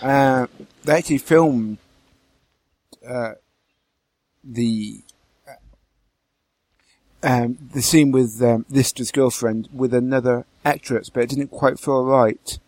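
A man's voice: mid-range voice, steady tone, a little mellow, no room sound. A man talking on a casual podcast in a mid-range voice, recorded close and dry. He often stops, restarts and fills gaps with "uh" as he explains. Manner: halting, restarts and fillers. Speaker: podcast co-host.

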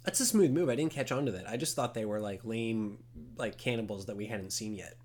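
Animated young man retelling movie scenes. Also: fairly low pitch, a little fast. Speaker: podcast co-host. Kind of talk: casual movie review chat.

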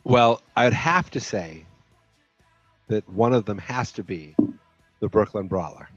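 Male co-host, deadpan quips, muffled mic, dry room. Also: on the low side, a little slow, husky, dry recording, faint music behind. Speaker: podcast co-host. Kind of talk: casual podcast chat.

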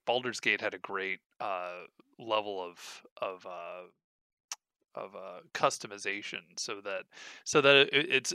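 A young man co-hosting a casual podcast, rambling and halting, restarting his sentences. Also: lowish voice, pushed and bright, smooth, no echo. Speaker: podcast co-host.

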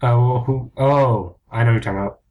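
A man's voice: mid-range voice, fairly quick, narrow, tinny audio. A man co-hosting a podcast in casual chat, blunt and teasing, swearing freely. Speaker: podcast co-host.

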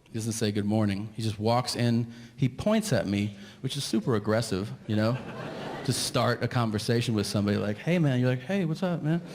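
A middle-aged man works a stand-up crowd, ranting through a story and playing out every line of the dialogue himself. His pitch jumps and swoops all over. The sound carries the long reverb of a big theater, with clear crowd noise behind him. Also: animated, fairly quick, a little mellow. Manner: ranting storyteller, acts out both sides of dialogues. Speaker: stand-up comedian. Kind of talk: stand-up comedy set. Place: large theater stage. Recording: live venue reverb with crowd. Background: audience laughter.

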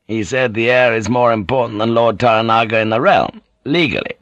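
A man's voice: mid-range voice, brisk, a bit bright, no room sound, muffled recording, lightly acted. A man voicing a stern, commanding older feudal lord who speaks with stiff formality.

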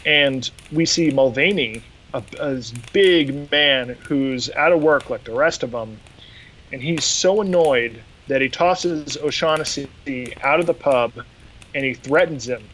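A podcast host with a slightly high voice speaks unhurriedly, retelling an episode in casual chat and acting out quotes as he goes in an animated way. The recording is rough, with slight background noise.

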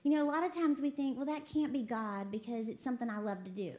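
High-voiced woman preaching with laughs. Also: quick pace. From Texas. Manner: lively, laughs often, quotes voices. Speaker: preacher co-hosting a broadcast. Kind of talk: sermon to a women's audience.

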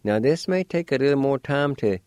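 In a clean, echo-free radio studio, a male language teacher with a dark, mid-range voice gives a slow spelling and pronunciation lesson. His intonation is lively and his pace fairly quick as he patiently and encouragingly spells words out letter by letter.

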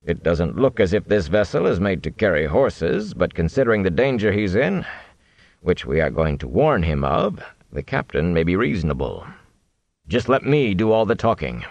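A man reads as a smug, bossy male gleeman in a storybook, gruff and low-pitched. He gives orders with self-satisfied authority. The reading sounds dry and close to the mic. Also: very animated, moderate pace, no echo, heavily acted.

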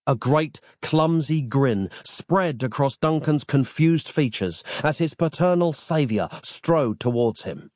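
A man reads a fantasy novel aloud with theatrical flair, his voice rising and falling in a lively way. The recording is close and dry, with no room sound. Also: a little high, takes it slowly, hardly any pauses, no room sound. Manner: expressive, theatrical storytelling. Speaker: narrator. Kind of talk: scripted audiobook narration.

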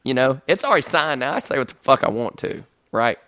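A man chatting casually, telling an animated story with loud bursts of emphasis. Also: medium pitch, fast talker. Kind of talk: casual chat.

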